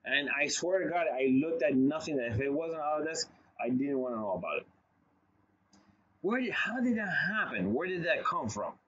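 A man's voice: a little high, big pitch swings, normal speed, fairly bright tone, breathy edge, muffled recording. A man giving a long lecture in a loose, conversational way, telling stories with asides and frequent restarts. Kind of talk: casual recorded lecture.

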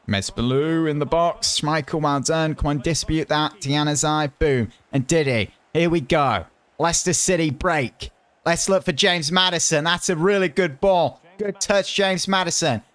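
A man from the United Kingdom, a gaming YouTuber, talking over his own football game, with loud excited bursts at near misses and quieter muttering while he plans. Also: on the high side. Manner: chatty, muttering while planning. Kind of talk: live gameplay commentary.

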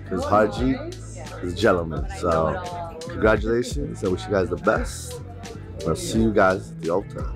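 A man, a relative of the bride, giving a teasing, jovial wish to the couple. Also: lowish voice. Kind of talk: casual speech to camera.

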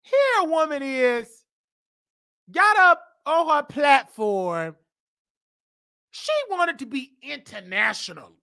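A woman hosts a talk show in a very high, bright voice with a gravelly edge. She rants fiercely and preaches, often breaking into shouts. The sound is dry and close. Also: big pitch swings, slow pace, pauses often, no room sound. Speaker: host. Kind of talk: ranting commentary.

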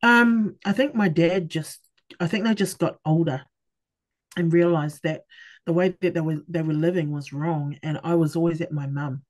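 A middle-aged woman with a deep voice appears as a podcast guest, candidly sharing her personal story. She speaks with halting restarts and acts out quoted conversations.

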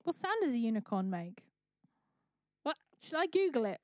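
A woman's voice: a little high, very animated, moderate pace, no room sound, clean studio sound. A woman hosting a charity livestream, chatting bubbly and thanking viewers by name. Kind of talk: live-stream chat.

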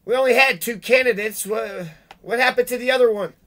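A man giving an angry monologue, swearing heavily and breaking into loud outbursts. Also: very high voice, a little fast. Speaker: video blogger reading legal rules. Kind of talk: profane ranting monologue.

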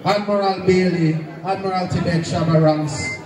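A man's voice: high voice, steady tone, moderate pace. Man, from Jamaica, sound clash MC, patois chat, distant live recording, crowd behind. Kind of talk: hyped dancehall hosting. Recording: loud roomy live venue from a distance. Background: crowd and dancehall music.

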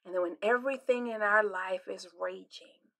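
An older woman pastor giving a devotional sermon, delivered expressively, with her voice swinging from loud emphasis to hushed near-whispers. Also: mid-range voice, normal speed, vocal fry.

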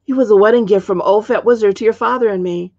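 A woman voicing a kind, motherly queen who is a witch, calm and reassuring, in a dull lo-fi recording. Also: medium pitch, fast, no room sound, close to an everyday voice.

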